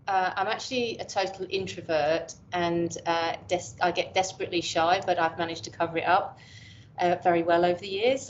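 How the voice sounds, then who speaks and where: An English woman in her fifties, a professor, answers interview questions in a candid, chatty way and teases herself now and then. Her voice sits fairly low. The audio is dull and lo-fi, with a soft hiss behind it. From England. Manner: candid, chatty, self-deprecating. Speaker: professor guest. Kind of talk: reflective casual interview talk.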